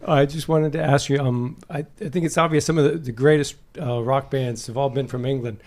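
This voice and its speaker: A man from the audience asking a question, hesitant at first, then rushing through it. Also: mid-range voice, fairly even intonation, a little mellow.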